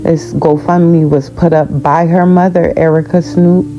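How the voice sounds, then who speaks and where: Woman, slow and measured, earnest vlog talk over clear guitar music. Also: low voice, fairly even intonation, dark tone, rough recording. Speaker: parent sharing a fundraiser. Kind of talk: casual informative vlog talk.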